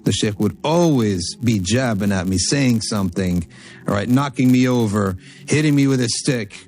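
A man giving a religious lecture, telling a story from Arabic texts and explaining it in English with animated, emphatic delivery. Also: fairly low pitch, moderate pace. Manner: emphatic, repeats phrases for stress. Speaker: Islamic teacher.

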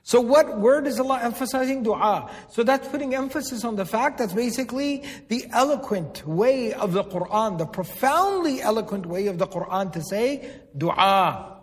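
Guy with a high voice teaching a crowd, keeps asking questions and repeating words, big echoey hall. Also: animated, moderate pace. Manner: asks the audience questions and repeats key words for emphasis. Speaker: religious teacher. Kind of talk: religious lecture to a live audience. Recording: long hall reverb.

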